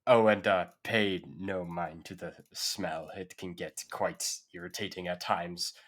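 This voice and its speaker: A man's voice: low voice, steady tone, a little slow, fairly bright tone. A man voicing a formal, polite male scout who makes earnest requests in a tabletop game.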